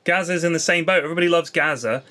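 High, bright-voiced man joking. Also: rapid-fire. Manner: joking storyteller, swears freely. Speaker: podcast co-host. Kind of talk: casual banter.

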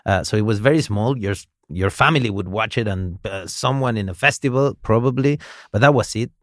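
Low-voiced man. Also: brisk, no room sound, clean studio sound. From Mexico. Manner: relaxed and reflective, hesitant restarts. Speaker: actor guest. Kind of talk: casual interview chat.

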